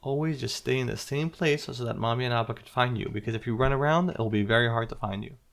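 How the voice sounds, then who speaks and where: A calm, caring mother patiently explaining safety rules to her small child in a storybook tale, voiced by a man in his own gravelly tone. She speaks gently and plainly, at a middle pitch. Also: quick pace. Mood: instructive.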